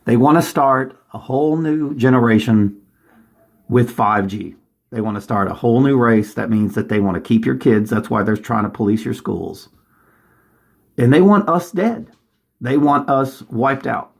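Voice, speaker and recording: Speaking at a normal speed with some vocal fry, this man has a medium-pitched voice. He's a vlogger at home, rambling to the camera in an urgent, agitated way and often restarting what he's saying.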